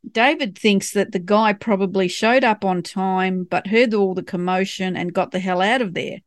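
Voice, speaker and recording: A woman co-hosting a relaxed conversation about a favourite series. She retells scenes in an animated, chatty way and laughs often. Her voice sits at a middle pitch and sounds dry and close. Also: normal speed, no room sound. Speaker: podcast co-host. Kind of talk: casual chat about a TV series.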